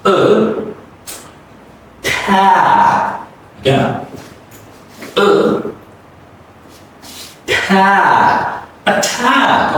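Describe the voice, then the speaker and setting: A man teaching English pronunciation, modeling words slowly and repeatedly and asking the listener to say them back. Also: sits high. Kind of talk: classroom-style pronunciation lesson. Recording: echoey room from a distance with faint background hum.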